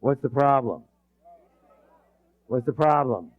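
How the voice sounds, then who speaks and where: In a dull, lo-fi recording, a leadership trainer runs a live seminar, drilling the room with call-and-response and rambling through frequent sentence restarts. His voice sits at medium pitch with lively intonation, and he takes his time.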